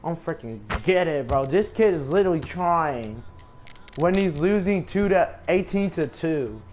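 A man's voice: on the high side, expressive, unhurried, a little mellow, slight background noise. A man trash-talking and cursing at his opponent while commenting on his own gameplay. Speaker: gaming content creator.

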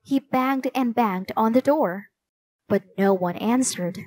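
A woman reads a children's storybook aloud in a clear, unhurried way. Her voice sits a little high and moves at a very slow pace. The recording is close and dry. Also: a little mellow, no echo, rough recording. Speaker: narrator.

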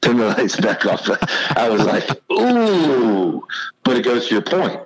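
Folksy man in his fifties, very low voice, easygoing storyteller. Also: steady tone, fairly quick, a little hiss or hum, low-quality recording. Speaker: podcast guest, former college football player. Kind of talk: casual storytelling.

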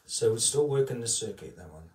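A man's voice: medium pitch, expressive, brisk, darkish tone, roomy sound, recorded from a distance. A man working as an entertainer, chatting on a live stream in a heartfelt, rambling way with many fillers. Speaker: tribute entertainer. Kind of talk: casual chat on a live stream.

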